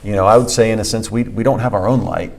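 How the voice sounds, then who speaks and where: Man, church podcast co-host, conversational teaching, emphatic repetition, fillers, lowish voice. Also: fairly even intonation, fast, darkish tone. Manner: emphatic, repeats key phrases, frequent fillers.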